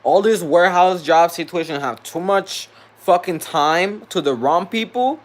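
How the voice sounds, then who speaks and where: Heated ranting man with a higher voice. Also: unhurried. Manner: heated, profane, repetitive venting. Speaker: vlogger. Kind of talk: venting vlog rant.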